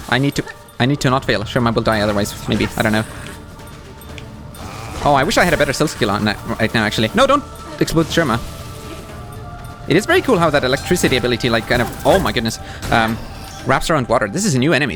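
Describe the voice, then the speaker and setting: A man's voice: mid-range voice, quick pace, over music. A man doing live gameplay commentary as a streamer, talking back to the game's characters. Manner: animated, talks to the game characters.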